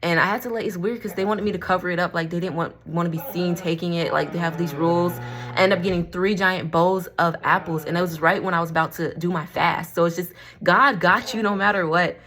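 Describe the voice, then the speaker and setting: A woman's voice: fairly low pitch, fairly even intonation, fast, a bit bright. A woman from Florida chatting to camera at home, rambling and laughing often, saying y'all. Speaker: vlogger and crystal seller. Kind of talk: casual chat to camera.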